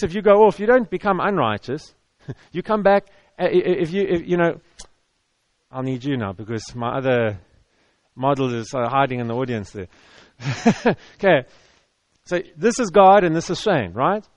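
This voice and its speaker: A man's voice: a little high, animated, normal speed, no echo. A man preaching a sermon to an audience, talking in a conversational, repetitive way with stammered restarts. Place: church hall with audience.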